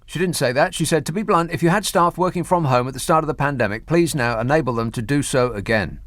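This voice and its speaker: A man's voice: on the high side, fast talker, a bit bright, dry recording, studio quality. A man hosting a radio phone-in, delivering mocking political commentary. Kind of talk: talk radio monologue and phone-in. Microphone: studio microphone.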